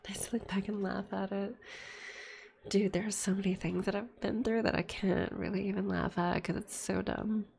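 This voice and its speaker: A woman's voice: medium pitch, flat delivery, moderate pace, gravelly, a little mellow, slight background noise. A sick woman streamer in a whispered ASMR chat, rambling casually and swearing a lot between whispers.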